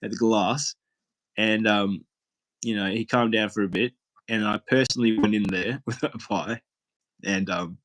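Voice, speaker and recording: A man's voice: lowish voice, steady tone, unhurried, fairly bright tone, rough recording. A man, a guest on a live stream, telling loose, rambling stories full of fillers and laughs. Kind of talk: casual swearing storytelling.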